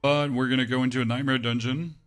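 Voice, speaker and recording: Monotone man streaming a game. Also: mid-range voice, quick pace, soft background music. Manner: monotone, dry delivery. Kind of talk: casual live-stream chat while gaming.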